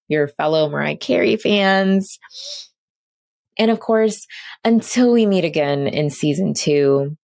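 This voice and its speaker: A woman hosting a podcast, signing off in a casual, earnest way, gushing and often repeating herself. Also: deep voice. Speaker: podcast host.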